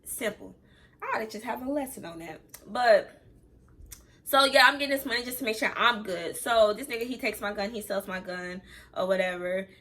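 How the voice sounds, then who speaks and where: A woman's voice: a little high, normal speed, bright, forceful tone. A young woman telling a personal story time on her vlog, candid and chatty, talking straight to her viewers and close to tears at times. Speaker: vlogger.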